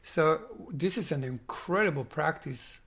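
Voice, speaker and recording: A man with a slightly high voice speaks at a measured pace. Working as a spiritual coach, he guides a participant and teaches animatedly, acting out dialogue between couples.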